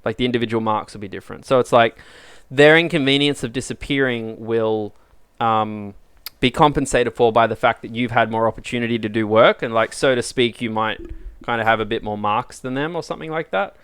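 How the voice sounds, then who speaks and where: A man lectures students in a loose, chatty way, acting out bits of dialogue between teammates. His voice is smooth and clear at an ordinary middle pitch. The sound is dry and close, with no room echo. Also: brisk, fairly bright tone. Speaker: university lecturer. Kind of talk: casual live-streamed lecture.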